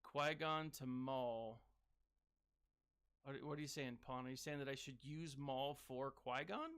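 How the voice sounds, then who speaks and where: A man giving casual gaming commentary as a streamer, chatting with viewers and breaking into sudden excited whoops. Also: medium pitch, unhurried, clear, resonant tone. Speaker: game streamer reading live chat.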